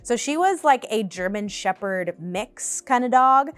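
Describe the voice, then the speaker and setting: A woman in her twenties, a vlogger in her apartment, telling animated, casual storytime chat and laughing often. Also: on the high side, measured pace, soft background music.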